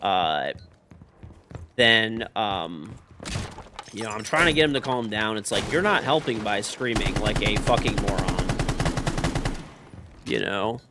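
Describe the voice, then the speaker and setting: Animated swearing male streamer. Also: fairly low pitch, slow, long pauses, noisy background. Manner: animated storyteller, swears a lot. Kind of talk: casual chat while gaming.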